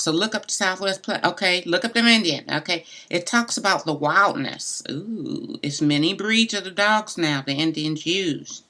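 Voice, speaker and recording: A woman's voice: fairly low pitch, moderate pace, hardly any pauses, sharp tone. A woman hosting a live tarot reading stream, chatting loosely and bluntly with viewers. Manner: chatty, talks straight to viewers; loose and blunt, mild cussing. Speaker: tarot reader.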